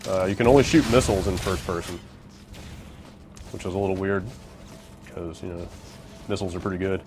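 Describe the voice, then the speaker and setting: A man's voice: sits low, steady tone, a little fast, background noise. A man giving casual gameplay commentary as he plays, laid-back and rambling with lots of fillers. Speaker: co-host playing the game.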